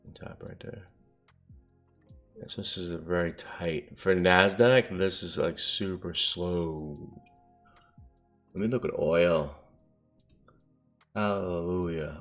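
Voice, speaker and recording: A man's voice: low voice, creaky. A man streaming his day trading live, talking casually to viewers and muttering to himself as he reads the charts. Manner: rambling, self-talking, mutters at the screen.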